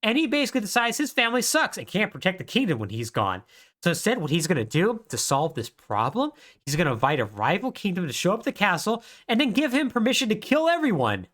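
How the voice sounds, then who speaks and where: A man's voice: high voice, fast talker. Guy hosting a podcast, voice jumping all over, cracking himself up while he tells the story. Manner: animated storytelling, laughing at his own jokes. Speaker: podcast co-host. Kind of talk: casual chat.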